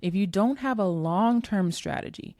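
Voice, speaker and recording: A woman's voice: medium pitch, moderate pace, a little mellow, dry recording, studio quality. A woman in her forties, a fitness coach hosting her own podcast, talking casually and candidly to her listeners as she tells a personal story. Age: 40s. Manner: chatty, candid storyteller addressing listeners directly. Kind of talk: casual solo podcast talk.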